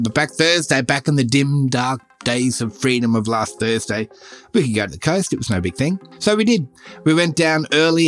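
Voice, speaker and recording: Man, Australian accent, middle-aged, podcast host, casual storytelling, animated, faint background music. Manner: chatty and animated, jumps up in pitch for emphasis.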